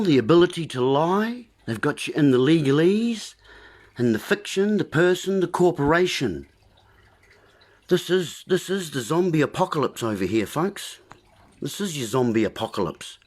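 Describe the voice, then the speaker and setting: Folksy man ranting on a livestream. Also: a little high. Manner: folksy, preachy, drawn-out asides to viewers. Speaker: livestream host. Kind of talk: rambling wordplay monologue.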